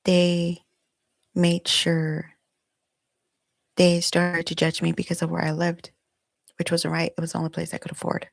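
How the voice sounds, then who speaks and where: Long pauses break up her completely flat, gravelly delivery, and her lowish voice runs a little slow with no echo. The middle-aged woman is filming herself at home for her own podcast, sharing a personal story candidly and emotionally in a confessional monologue.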